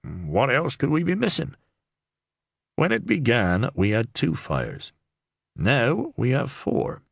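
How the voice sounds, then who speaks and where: A man voicing a serious, upright young under-sheriff who speaks in a measured, stern way in an audiobook. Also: mid-range voice, huge pitch swings, vocal fry, no echo, studio quality, heavily acted.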